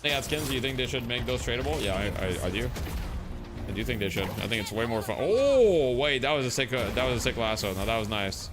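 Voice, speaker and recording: A man's voice: medium pitch, fast, noisy background. A man from Canada who hosts a stream and gives casual live commentary on a game, joking and swearing now and then.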